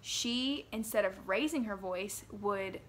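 A young woman, a mother, recalling family memories at home in a gentle, earnest and reflective way. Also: mid-range voice, takes it slowly, heavy background noise. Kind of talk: personal reminiscence to camera.

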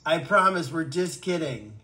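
A man with a fairly high voice hosts a relaxed livestream, reading and answering viewer comments. He jokes around and rambles, often stammering and restarting his sentences. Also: normal speed. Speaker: animal sanctuary livestream host.

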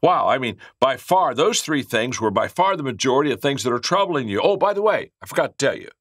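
A leadership speaker gives a motivational talk in a medium-pitched, slightly bright voice that moves briskly with big pitch swings. He tells stories and acts out the characters' lines, often repeating words as he restarts. The recording is dry and clean, with studio sound.

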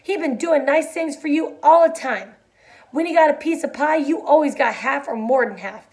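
Woman voicing a stern scolding aunt, sharp, reproachful, slightly high. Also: normal speed, close to an everyday voice.

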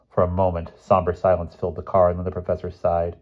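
Deep, husky male audiobook narrator. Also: fast talker, muffled recording. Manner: steady storytelling with occasional slips and restarts. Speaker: audiobook reader.

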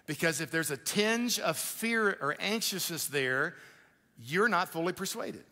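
A male pastor preaching a sermon in a conversational, animated way, with quick asides to the congregation. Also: sits high. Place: church auditorium. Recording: live church hall with long reverb.

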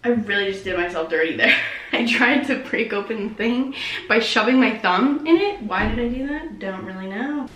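A woman's voice: mid-range voice, animated, normal speed, fairly bright tone, a little hiss or hum. A young woman chatting casually as a beauty vlogger, giggly and poking fun at herself. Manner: chatty, giggly, self-mocking. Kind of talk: casual vlog chat. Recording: roomy echo with background music.

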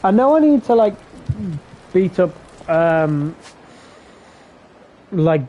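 A man's voice: very animated, slow pace, pauses often, lo-fi sound. Tired, swearing male game streamer. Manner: tired, swears often, low-key. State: sleepy, yawning. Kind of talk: casual gameplay commentary.

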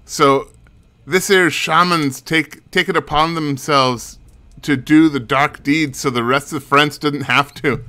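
A man voicing a woman curator who used to be a void shaman, telling a story in a theatrical, drawn-out way. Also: fairly high pitch, fairly even intonation, bright, forceful tone. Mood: storytelling.

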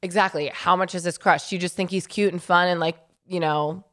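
A woman co-hosting a casual advice podcast, chatty and quick to laugh, reading listener letters aloud. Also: on the low side, steady tone, a bit bright. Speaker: podcast co-host.

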